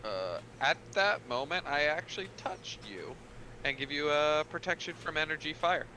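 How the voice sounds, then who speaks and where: A man chatting as a player in an online tabletop game, lively and quick to laugh. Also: fairly high pitch, a little hiss or hum. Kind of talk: casual chat as a tabletop player.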